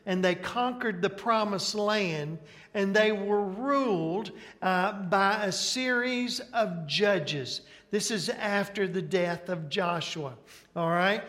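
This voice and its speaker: A man with a Southern Alabama drawl preaches in an unhurried, folksy way, pausing often to ask "right?" of his listeners. His voice sits fairly high for a man. It rings out with a long reverb, as in a church hall. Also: fairly bright tone. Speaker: preacher, Bible teacher. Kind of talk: sermon.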